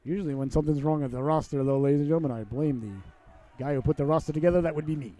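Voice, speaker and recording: A man in his late forties calling a youth hockey game play by play, switching between excited play calls and chatty, self-deprecating asides. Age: 40s. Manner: voice rises and speeds up on rushes, drops low for asides. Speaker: play-by-play announcer.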